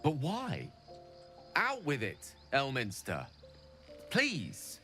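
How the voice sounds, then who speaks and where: A man's voice: medium pitch, wildly swooping pitch, very slow, bright, forceful tone, soft background music, exaggerated voice. An actor playing a bewildered, impatient young male wizard in a video game. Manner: pleading, exasperated.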